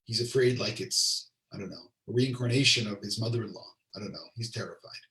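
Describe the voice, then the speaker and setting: Gravelly rabbi teaching in a roomy space. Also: male voice, on the low side, brisk, bright, forceful tone. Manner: translates Hebrew line by line, asides to audience. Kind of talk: Torah class storytelling. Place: lives in Israel. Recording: roomy sound, distant mic.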